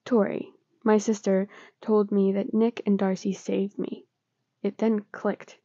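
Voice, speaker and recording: A scared, confused teenage boy, read by a woman speaks in halting pleas. The voice is gravelly and warm, close and dry. The sound is dull and lo-fi. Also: medium pitch, little pitch movement, dry recording. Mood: pleading.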